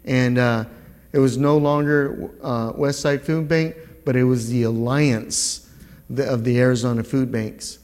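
A middle-aged man giving a spoken church testimony, earnest and halting, often repeating his words. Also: mid-range voice, fairly even intonation, darkish tone. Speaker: guest speaker giving a testimony. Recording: long reverb of a large hall.

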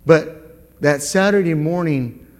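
A middle-aged man shares his testimony before a church congregation, speaking very slowly and earnestly. He stumbles and repeats words as he goes, and his voice rings with the long reverb of a big hall. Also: fairly high pitch, darkish tone. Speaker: guest speaker giving a testimony.

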